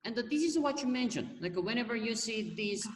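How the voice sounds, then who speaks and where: A patient Korean language teacher who coaxes a student along, repeating prompts slowly over a video call. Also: male voice, very high voice, expressive, slight background noise. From South Korea. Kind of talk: online language lesson. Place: home room on a video call. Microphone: computer mic on a video call. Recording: distant, roomy video-call audio.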